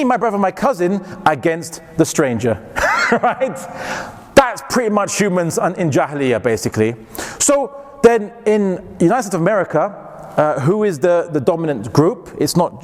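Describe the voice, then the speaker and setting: Lively male lecturer in a reverberant hall. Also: a little high. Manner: lively, digressive, frequent restarts and jokey asides. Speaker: guest lecturer. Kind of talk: university lecture with anecdotes.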